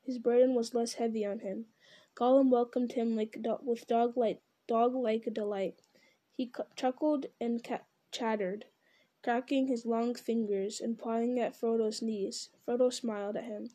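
A woman reading a fantasy story aloud in a measured, steady way. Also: a little high. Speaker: reader. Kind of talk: storybook narration.

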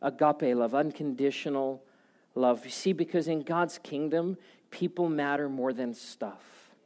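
A pastor delivering a sermon in a fairly high male voice. He builds to loud, pressing passages, then drops to near-quiet, intimate delivery. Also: a little slow. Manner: swings from loud urgent preaching to soft hushed delivery.

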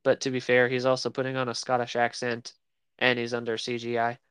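Male podcast co-host, mid-pitched, smooth tone, easygoing banter. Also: completely flat delivery, fairly quick, fairly bright tone, no echo. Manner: easygoing, joking, hesitant with fillers. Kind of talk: casual chat.

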